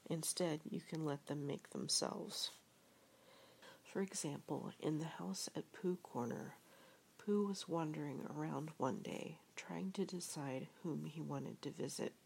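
Woman reader, low gravelly voice, gentle half-whisper, slow. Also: slight background noise. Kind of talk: soft-spoken storybook and philosophy reading.

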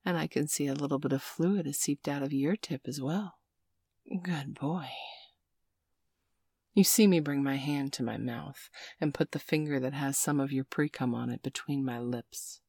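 A woman in whispered role-play, speaking slowly and coaxingly with pet names, close to the mic. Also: rumbling low, gravelly, dark tone, slightly rough, dry recording. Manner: slow, coaxing, teasing, full of pet names. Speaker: audio role-play performer.

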